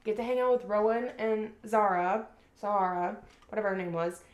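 A young woman co-hosting a podcast who recaps a book in casual chat. She is an animated storyteller who swears freely and says "like" often. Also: medium pitch, moderate pace. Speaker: podcast co-host. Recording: roomy echo.

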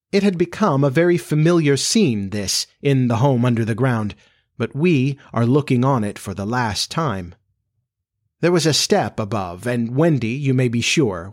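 A man narrating a classic storybook as an audiobook, in a measured, expressive reading. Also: medium pitch, no echo, studio quality.

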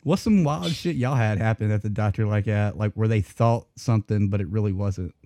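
A man's voice: lowish voice, brisk, mellow, dry recording, studio quality. Profane laughing male storyteller. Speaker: podcast co-host. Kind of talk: casual chat storytelling.

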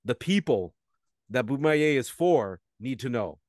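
A man's voice: mid-range voice, lively intonation, unhurried, no room sound, clean studio sound. A man co-hosting a casual podcast, rambling with lots of fillers and restarts. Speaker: co-host.

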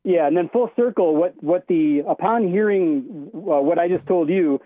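A man's voice: high voice, moderate pace. A man calling in to a talk show, telling a long story in a rambling way with many restarts. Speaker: caller. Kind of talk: casual phone-in storytelling. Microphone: phone. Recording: tinny phone line.

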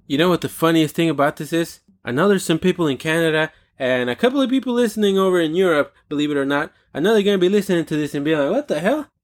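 A fairly high-pitched man hosts a podcast alone and rants with heat. He swears freely and hammers his points home by repeating them. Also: fast talker, few pauses. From United States. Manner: heated, swearing, repeating lines for emphasis. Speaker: podcast host. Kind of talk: solo profane rant.

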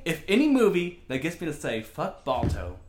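A man in casual chat who laughs often, swears freely and rambles through excited retellings. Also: high-pitched, brisk, roomy sound, slight background noise.

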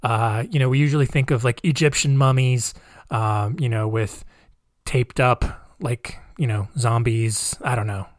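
A man's voice: medium pitch, fairly even intonation, unhurried, no echo, clean studio sound. A man hosting a casual storytelling podcast. He rambles, uses lots of fillers and adds sarcastic asides. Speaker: podcast host.

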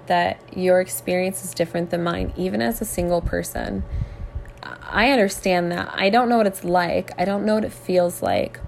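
A woman hosting a podcast, speaking earnestly and reflectively to listeners about faith, with thoughtful pauses. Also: fairly low pitch, gravelly, slight background noise.

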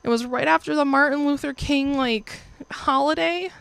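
A woman's voice: high-pitched, moderate pace, gravelly, a bit bright, no room sound. A young woman in her twenties casually telling a personal story as host, chatty and profane, acting out quoted lines in livelier voices. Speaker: podcast or vlog host.

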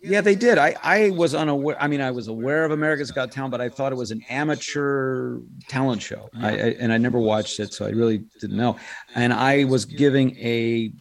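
Middle-aged american guy, voice actor telling stories in a chatty interview, lively. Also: mid-range voice, brisk, gravelly. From United States. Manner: animated storyteller, drops into quoted voices. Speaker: guest, voice actor and impressionist. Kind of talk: casual interview chat.

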